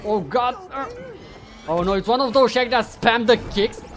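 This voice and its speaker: Excitable swearing gamer guy. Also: very high voice, moderate pace. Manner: excitable, swears a lot, taunts opponents; bursts into loud yelling when winning or losing. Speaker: gaming YouTuber. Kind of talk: live gameplay commentary.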